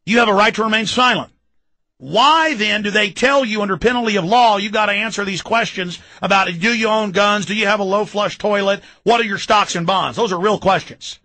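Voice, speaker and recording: A man in his thirties with a Texan accent, hosting a talk show and ranting about politics, loud and mocking, shouting at times. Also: high-pitched, a little fast, dry recording, poor audio. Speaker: radio talk show host. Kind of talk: fired-up political rant.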